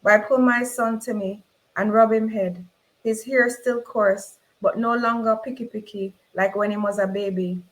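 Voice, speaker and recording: Jamaican woman reading a story out loud, expressive, steady middle voice. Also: mid-range voice, normal speed, low-quality recording. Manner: expressive, voices the characters in dialogue. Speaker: reader. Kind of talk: dramatic novel reading.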